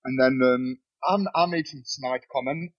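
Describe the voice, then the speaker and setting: A man's voice: mid-range voice, normal speed, slightly rough, muffled recording. A young man from Nottingham, telling stories in casual chat, swearing freely. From Nottingham, England. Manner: swears freely, animated storytelling with laughs. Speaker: podcast guest, model. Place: bedroom.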